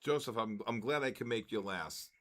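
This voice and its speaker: An older man hosting a live trading stream, excitedly calling out viewers' names and market moves, his voice worn from talking. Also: fairly low pitch, normal speed. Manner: excitable, calls out chat names. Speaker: trading livestream host.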